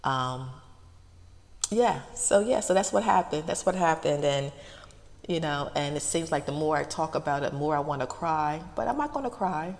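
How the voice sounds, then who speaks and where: A middle-aged woman talks straight to her viewers in a low, gravelly voice. She stumbles and repeats herself, close to tears, and a long reverb trails each phrase. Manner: halting, repeats her words, near tears. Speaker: ASMR channel host. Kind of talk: emotional casual talk to viewers.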